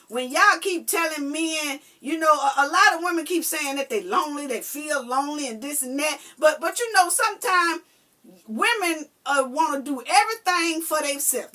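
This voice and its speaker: A woman talks straight to her viewers about relationships in a loose, unscripted monologue. Her voice sits high and sounds bright and sharp. She is blunt, swears freely, and keeps circling back to her points with plenty of fillers. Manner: blunt, profane and emphatic, talking straight to viewers; colloquial, with many fillers and repeated points. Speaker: relationship advice vlogger. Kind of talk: casual advice monologue.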